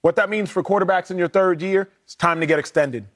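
High-pitched guy on a sports talk show, emphatic, playful, arguing football. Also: fairly quick. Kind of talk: casual sports debate.

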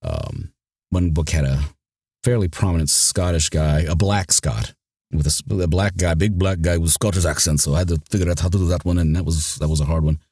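A man's voice: low voice, fairly quick, darkish tone, breathy edge, no room sound. A man who narrates audiobooks, talking casually in an interview, rambling and restarting his sentences often. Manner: rambling, with many restarts and repeated words.

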